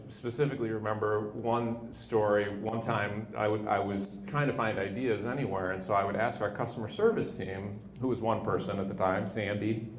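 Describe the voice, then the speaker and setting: A man in his fifties, a company leader telling anecdotes in an interview, with a relaxed manner and frequent restarts. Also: on the low side. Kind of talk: storytelling in an on-stage interview. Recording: echoey room with faint noise.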